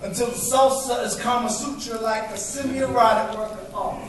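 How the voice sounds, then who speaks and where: A man's voice: very high-pitched, fairly even intonation, moderate pace. A man performing spoken word poetry at a live open mic, with a rhythmic, emphatic delivery into a stage microphone. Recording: very echoey room from far off, faint noise.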